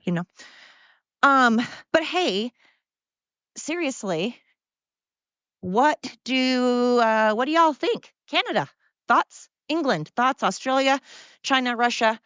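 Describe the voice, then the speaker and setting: Excited, brash woman podcaster. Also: fairly high pitch, slow, long pauses, no echo, dull audio. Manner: swears freely. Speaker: podcast host. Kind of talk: casual monologue.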